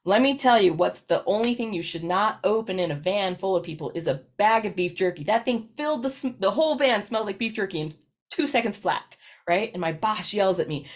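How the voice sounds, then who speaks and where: A woman's voice: medium pitch, lively intonation, fairly quick. Chatty woman presenter telling stories. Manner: chatty, storytelling, frequent "right?" tag questions. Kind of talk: recorded professional presentation.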